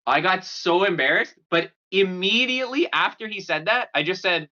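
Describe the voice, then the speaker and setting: A man's voice: sits high, moderate pace, few pauses, pushed and bright, highs cut off. A young man casually telling a story on a podcast, rambling with fillers and restarts. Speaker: podcast co-host.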